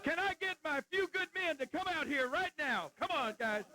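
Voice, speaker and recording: A man cutting an angry, blustering wrestling promo in the ring, shouting at the announcer and the crowd. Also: very high-pitched, lively intonation, moderate pace, rough recording. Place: indoor wrestling arena, in the ring. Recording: loud crowd in a wrestling arena.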